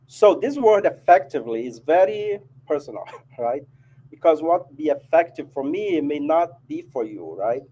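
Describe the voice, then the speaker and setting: A man's voice: fairly high pitch, expressive, moderate pace, warm tone, highs cut off. A man with a Brazilian Portuguese accent giving a casual spiritual talk to an audience, often adding "right?". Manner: chatty, keeps asking "right?". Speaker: spiritist speaker. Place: meeting hall of a spiritist society.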